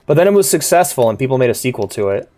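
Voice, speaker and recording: Coughing, animated game streamer. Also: mid-range voice, racing. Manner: animated, yelps and shouts at the game character. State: sick, coughing. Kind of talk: casual live gameplay commentary.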